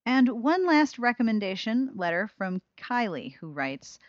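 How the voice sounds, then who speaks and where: A woman's voice: fairly high pitch, sing-song, unhurried, dry recording, highs cut off. Gushing woman podcast host, dry sound. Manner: gushing and enthusiastic. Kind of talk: casual podcast chat reading listener emails.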